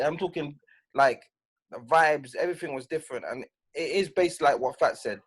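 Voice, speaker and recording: A man in casual podcast chat, giving firm advice in an animated way. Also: mid-range voice. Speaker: DJ guest.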